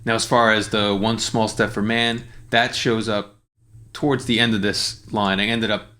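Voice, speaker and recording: A man teaching lyric writing in a relaxed, explanatory way, with frequent fillers and restarts. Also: on the low side, normal speed. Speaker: songwriting teacher. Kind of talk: casual screen-share tutorial.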